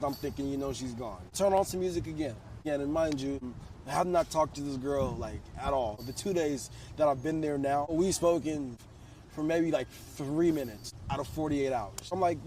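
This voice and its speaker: 20s guy ranting a storytime, slangy and animated, sounds a bit far off. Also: a little high, moderate pace, noisy background. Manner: slangy, animated, swearing freely. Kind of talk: casual storytime.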